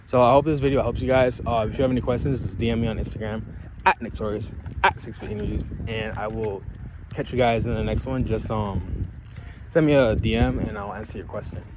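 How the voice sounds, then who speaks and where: A man's voice: medium pitch, a little fast, noisy background. A man vlogging outdoors and giving casual motivational advice, rambling loosely and often checking in with "right?" and "you feel me?". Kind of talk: casual motivational talk to camera. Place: outdoors, ground with leaves.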